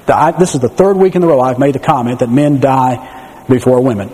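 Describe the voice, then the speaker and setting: A man's voice: medium pitch, a little fast. A man preaching a sermon, telling stories and asking rhetorical questions, in an echoey hall. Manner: animated storytelling with rhetorical questions.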